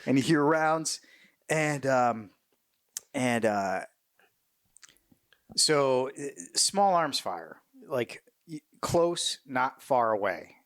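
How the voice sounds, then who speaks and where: A middle-aged man, a military veteran, telling war stories in a casual interview, cursing freely, animated and laughing as he goes. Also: mid-range voice, extremely slow, long pauses, dry recording, studio quality. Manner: profane, animated, laughs mid-story.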